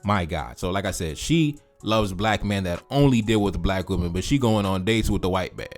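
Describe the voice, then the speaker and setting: A man hosting a reaction video, giving emphatic, repetitive commentary with slangy asides. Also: medium pitch. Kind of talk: commentary reacting to social media posts.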